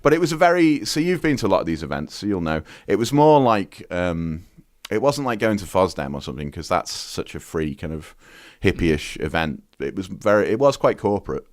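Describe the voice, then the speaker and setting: A man's voice: low voice, big pitch swings, brisk, no room sound, clean studio sound. A man from the UK chatting as a podcast guest, telling rambling stories full of fillers and restarts. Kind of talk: casual chat.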